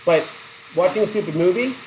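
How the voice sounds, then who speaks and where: A man's voice: high voice, animated, fairly quick, darkish tone, a little hiss or hum, rough recording. A middle-aged man teaching a psychology class in a chatty way, asking the students questions and telling personal stories. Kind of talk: classroom lecture.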